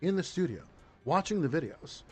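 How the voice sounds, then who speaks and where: A man hosting a political commentary podcast from his home studio, riffing in a mocking, crude, animated way. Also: on the high side, normal speed, husky. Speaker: podcast host.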